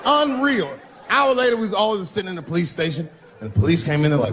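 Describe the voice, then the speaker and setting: A male stand-up comedian telling a long story in a profane, animated way, his voice sitting somewhat high. He builds the bits in rhythm with the room. A live stage recording with steady audience laughter and noise. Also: fast. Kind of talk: stand-up routine.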